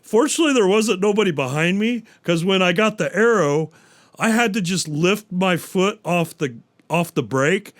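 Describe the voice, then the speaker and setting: A man's voice: high voice, expressive, unhurried, fairly bright tone. A man hosting a solo podcast, rambling through stories and jokes with plenty of swearing. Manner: profane, rambling storyteller. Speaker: podcast host.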